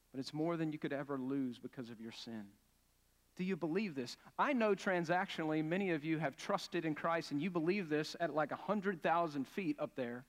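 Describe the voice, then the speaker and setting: A male pastor preaching a sermon in an earnest, emphatic way, asking his listeners questions as he builds each point. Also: on the high side. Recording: long hall reverb.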